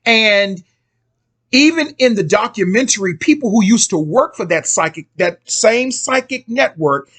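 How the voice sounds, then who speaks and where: A man's voice: high voice, animated, unhurried, a bit bright. A middle-aged man hosting a casual, rambling commentary monologue, full of slangy asides. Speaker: host.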